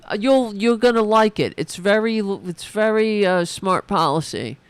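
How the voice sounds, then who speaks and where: A woman's voice: medium pitch, lively intonation, normal speed, clean tone, dry recording. A woman hosting a political talk show, ranting with indignation and many restarts. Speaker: podcast host. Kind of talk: political commentary.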